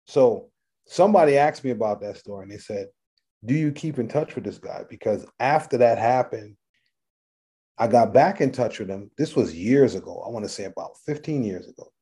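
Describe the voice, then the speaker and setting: A middle-aged man, a rapper guesting on an interview, telling animated stories, acting out voices and swearing freely. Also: on the low side, normal speed, breathy edge. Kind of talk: casual storytelling interview.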